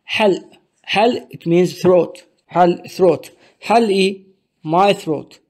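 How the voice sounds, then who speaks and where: A man teaching Arabic to English speakers, saying each word slowly and explaining it one by one. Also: sits high, darkish tone, a faint crowd. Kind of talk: language lesson for learners.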